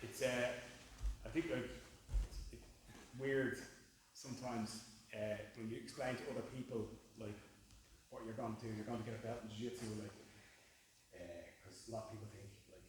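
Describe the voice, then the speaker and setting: A man's voice: mid-range voice, little pitch movement, moderate pace, pauses often, slight background noise. A man in his forties, a jiu-jitsu coach giving a casual, joking, rambling speech at a belt ceremony, full of fillers. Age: 40s. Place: martial arts gym, large room. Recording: echoey gym from far off.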